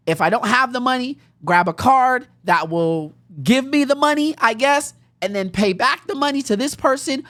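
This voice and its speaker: A young adult woman hosts a podcast, telling a personal story in a lively, conversational way and breaking into laughter along the way. Her voice is mid-range at a moderate pace, and the recording is dry.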